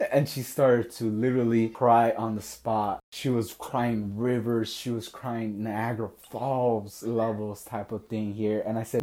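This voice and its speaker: Dark-voiced young guy telling stories. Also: lowish voice, measured pace, hardly any pauses. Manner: animated, laughs often while telling. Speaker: podcast host. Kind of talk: casual storytelling.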